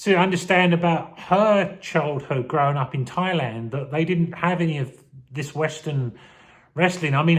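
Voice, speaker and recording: A man in his forties reflecting on his childhood in a rambling, heartfelt vlog, getting emotional as he talks. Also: on the high side. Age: 40s. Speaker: vlogger. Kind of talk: casual personal reflection to camera.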